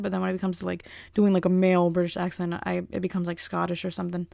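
A young woman telling stories in a rambling, animated vlog style, with frequent fillers. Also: fairly low pitch, fast talker, vocal fry, hardly any pauses, dry recording, studio quality. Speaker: vlogger. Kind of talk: casual storytelling.

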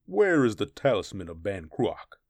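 A man voicing a fierce, cruel and boastful barbarian warrior in a story reading, shouting in a raised voice. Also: lowish voice, sing-song, moderate pace, no echo, studio quality. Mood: menacing. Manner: loud, raised shouting delivery.

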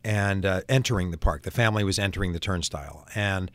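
A man with a lowish voice spins a long anecdote as an interview guest, animated and full of restarts. The recording is dry and close, with no room sound. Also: fast talker, no echo. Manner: lively storyteller, frequent restarts. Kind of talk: casual anecdote telling.

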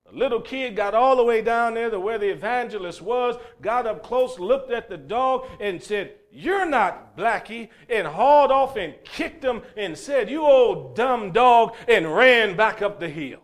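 A man preaching a sermon who swings between loud, emphatic bursts and low, quiet passages, and tells stories along the way. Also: lively intonation, moderate pace, few pauses. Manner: storytelling, acting out a crying child's shouts.

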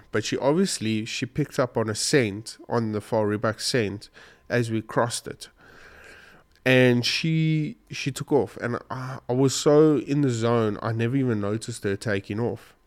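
A man's voice: medium pitch, unhurried. Emotional man telling a hunting story. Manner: emotional, rambling retelling with restarts. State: choked up, sniffly. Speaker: hunting vlogger. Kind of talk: casual storytelling to camera.

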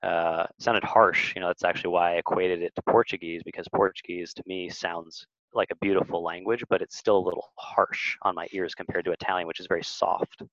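A man's voice: sits low, level tone, brisk, hardly any pauses, a bit bright, no echo, dull audio. A man, a podcast guest, chatting casually and telling rambling stories with lots of fillers. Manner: rambling, storytelling with many fillers. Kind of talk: casual interview chat.

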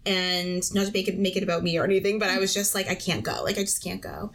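Young woman from Canada, podcast co-host; halting, rambling, casual storytelling, mid-pitched. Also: steady tone, fairly bright tone. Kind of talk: casual chat.

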